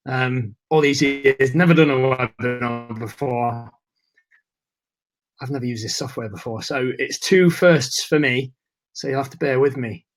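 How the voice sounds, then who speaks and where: A man's voice: mid-range voice, a little slow. A man hosting a live webinar, chatting casually and greeting viewers by name, a bit nervous. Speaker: webinar host.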